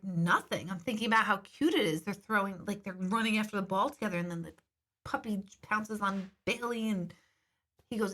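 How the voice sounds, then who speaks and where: A middle-aged woman talks in a casual, candid live-stream chat. Her voice is bright and a little forceful. She answers viewers in an easygoing way and swears now and then. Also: medium pitch. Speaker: intuitive host reading viewer comments.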